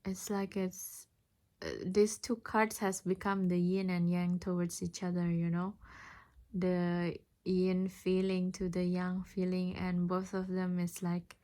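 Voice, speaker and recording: Slow, even-toned woman musing on tarot. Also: on the low side. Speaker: tarot reader. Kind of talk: casual tarot deck flip-through.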